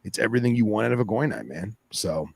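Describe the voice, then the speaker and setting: A man's voice: fairly low pitch, animated, fast talker, creaky, a little mellow, husky, dry recording. A man co-hosting a podcast in laid-back, enthusiastic casual chat. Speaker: podcast co-host.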